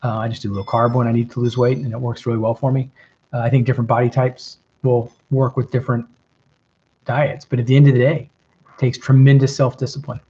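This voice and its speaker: This middle-aged host speaks with a mild, metropolitan Southern American accent, answering viewer questions and dispensing advice during a casual livestream. Relaxed and reflective, he peppers his talk with ums and rights in a husky, mid-range voice at a fairly quick pace, heard through slightly dull lo-fi stream audio.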